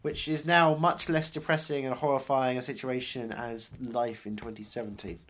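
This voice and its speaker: A man's voice: mid-range voice, fairly even intonation, moderate pace, fairly bright tone. Dry, sarcastic man chatting about films. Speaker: podcast co-host. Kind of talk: casual film chat.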